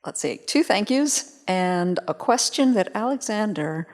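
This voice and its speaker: A woman asking a friendly, slightly halting question at a convention panel. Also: mid-range voice, animated, darkish tone. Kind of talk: audience Q&A question. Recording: reverberant convention hall.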